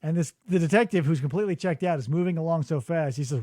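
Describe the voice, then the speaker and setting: Podcast host, male, high lively voice, mocking riffs, dry studio sound. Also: fast talker, hardly any pauses, no room sound. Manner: animated, mocking impressions. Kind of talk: casual comedic chat. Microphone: studio mic.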